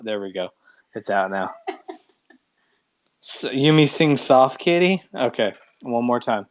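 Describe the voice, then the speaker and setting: Brief: woman livestream host, quite deep voice, jokey and self-mocking, talking casually to her viewers. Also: expressive, slow, pauses often.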